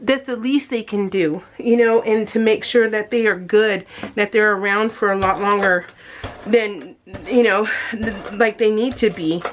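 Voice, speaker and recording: A woman's voice: medium pitch, fairly even intonation, measured pace. A woman in her forties talking earnestly to her viewers in a rambling, heartfelt way, often calling them "you guys". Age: 40s. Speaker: scrapbooking vlogger. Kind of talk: emotional casual talk to camera.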